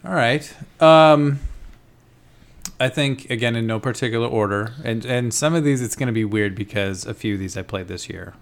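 A man who streams games, chatting excitedly and in a friendly way on a podcast. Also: mid-range voice, normal speed. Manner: excited, friendly, says dude a lot. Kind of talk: casual chat about video games.

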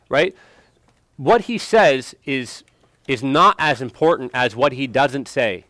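A man's voice: medium pitch, takes it slowly, fairly bright tone, dry recording. A man teaching an interactive Bible lesson, emphatic and quizzing students for answers.

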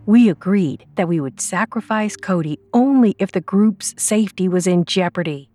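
A woman voicing a young male student president who is hot-tempered and desperate, hissing, shouting and pleading. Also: mid-range voice, animated, normal speed, lightly acted. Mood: angry.

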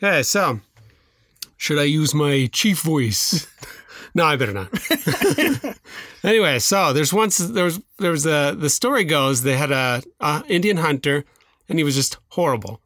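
A man in casual podcast chat, rambling through a folktale with many restarts and asides. His voice sits a bit high and sounds dry and close to the mic. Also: sing-song, normal speed, fairly bright tone, no room sound. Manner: rambling, with restarts, filler and laughs. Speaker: podcast co-host.

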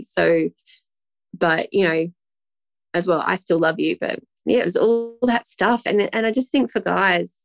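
A woman's voice: on the low side, steady tone, normal speed, gravelly, no room sound. A woman, a guest telling a personal story in a rambling, emotional way with many restarts. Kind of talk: casual interview talk.

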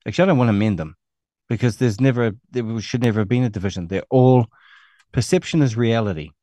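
A man's voice: medium pitch, quick pace, warm tone, no echo. Profane, scornful New Zealand man ranting. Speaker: online show host. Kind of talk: ranting monologue.

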